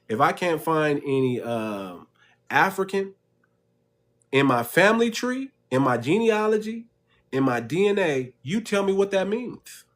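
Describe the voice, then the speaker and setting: A channel host with a high-set voice does livestream commentary, emphatic and repetitive as he preaches to his audience. He addresses the listeners as family.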